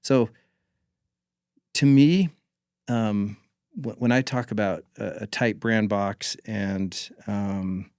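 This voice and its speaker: A man's voice: lowish voice, slow pace, pauses often, darkish tone, no room sound, clean studio sound. A man from North Carolina, a podcast guest who talks about marketing in a thoughtful, opinionated way and says he mumbles. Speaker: guest, former marketing executive. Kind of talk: casual podcast conversation.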